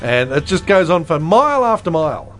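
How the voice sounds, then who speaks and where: A man's voice: fairly high pitch, very animated, fairly bright tone, faint music behind. Dry, sardonic male radio host. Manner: dry, sardonic, quick asides. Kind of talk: comedic radio banter.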